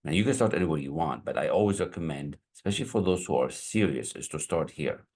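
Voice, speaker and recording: A man speaking as a business coach, pitching his mentorship in a casual, rambling way and sometimes searching for words. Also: expressive, quick pace, a little mellow, breathy edge. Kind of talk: sales pitch to viewers.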